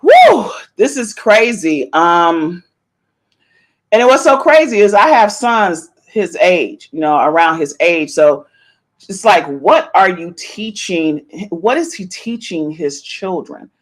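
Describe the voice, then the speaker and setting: A middle-aged woman hosting a podcast, giving chatty, animated celebrity gossip commentary and playfully meowing her catchphrase. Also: fairly low pitch, takes it slowly. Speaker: podcast host.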